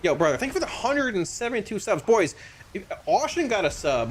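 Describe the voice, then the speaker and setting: Excitable stammering streamer man, lively pitch. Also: brisk, slightly rough. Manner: excitable, stammering, repeats himself. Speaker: game streamer. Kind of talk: casual live-stream commentary.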